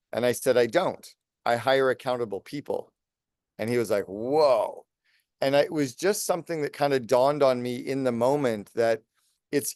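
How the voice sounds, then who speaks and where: A man in his late fifties, a business coach speaking as a podcast guest, talking fast and energetically in long lists. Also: medium pitch, a little mellow, smooth, no echo, clean studio sound. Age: 50s. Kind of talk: podcast interview.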